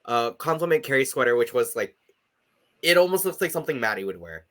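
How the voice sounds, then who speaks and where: A man's voice: mid-range voice, very animated, brisk, a bit bright. A man co-hosting a podcast, chatting casually with lots of fillers and laughter. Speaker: podcast co-host. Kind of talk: casual chat.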